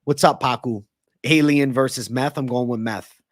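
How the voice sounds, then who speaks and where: Hyped and profane, this male streamer predicts fights and banters loosely with his chat. He speaks in a middle register with fairly even intonation at a moderate pace, recorded dry and close without any room sound.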